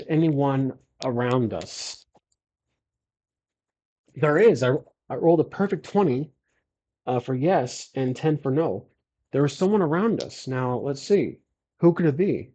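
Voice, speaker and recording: A man's voice: mid-range voice, dark tone. Hesitant man narrating a solo tabletop game. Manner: hesitant, filler-heavy, self-correcting.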